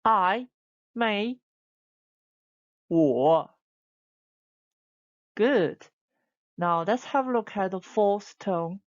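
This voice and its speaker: A woman's voice: lowish voice, darkish tone, lo-fi sound. A woman teaching Chinese tones and vowels, modeling each sound and asking listeners to repeat after her. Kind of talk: slow, deliberate classroom instruction.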